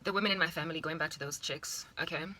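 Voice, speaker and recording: A woman's voice: sits low, fast, pushed and bright. A South African woman in her thirties, rambling playfully through a casual monologue with exaggerated asides. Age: 30s. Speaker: vlogger.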